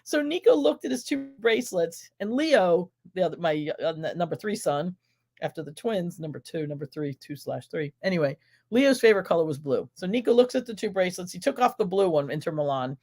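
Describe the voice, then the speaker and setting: A woman's voice: fairly low pitch, expressive, fairly quick, a little mellow. Exuberant American woman chatting live. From United States. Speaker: host of a live stream. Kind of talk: casual live-stream Q&A.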